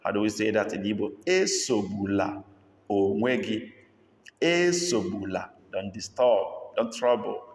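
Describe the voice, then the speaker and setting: A man teaching a language lesson, repeating each phrase slowly and breaking it down word by word. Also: lowish voice, expressive. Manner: slow drilled repetition of phrases. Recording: echoey room with long reverb.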